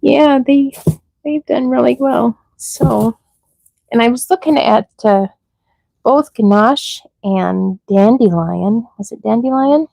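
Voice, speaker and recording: A middle-aged woman chats casually on her livestream, slow and unhurried. Her voice is gravelly and mellow. She coos sweetly at the baby rabbits between remarks. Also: on the high side, no room sound, poor audio. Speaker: rabbit breeder hosting a livestream.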